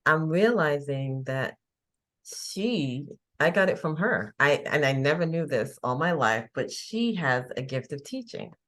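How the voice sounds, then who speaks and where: A woman in her fifties from England talks in a low, full voice. She is a chatty guest who tells stories and laughs easily. Her tone is relaxed and conversational. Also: a little slow. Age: 50s. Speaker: guest, faith coach. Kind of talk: casual interview chat.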